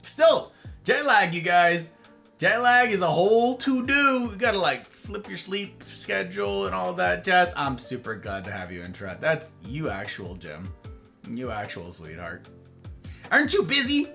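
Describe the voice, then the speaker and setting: Man, livestream host, animated chatty delivery, fairly high voice, faint music behind. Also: a little slow, creaky. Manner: chatty, reads and answers chat aloud. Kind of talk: casual chat with viewers.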